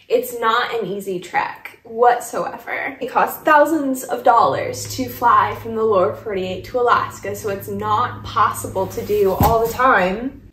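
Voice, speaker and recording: A woman's voice: fairly high pitch, fairly bright tone, slight background noise. A young woman from Michigan telling a personal story in a casual vlog, getting tearful and laughing through the emotion. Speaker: vlogger. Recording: echoey room.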